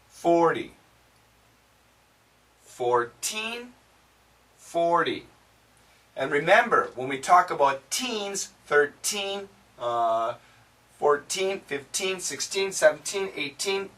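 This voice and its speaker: An American man gives a pronunciation lesson at an unhurried, deliberate pace. His voice is bright and sits a little high for a man. He patiently repeats each word for drilling, heard from slightly back from the microphone. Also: far from the mic. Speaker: English pronunciation teacher.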